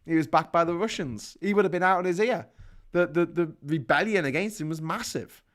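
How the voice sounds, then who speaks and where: Chatty man with a slightly high voice. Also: fairly quick. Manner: chatty and animated, with mocking asides. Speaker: host. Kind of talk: casual chat, reading comments.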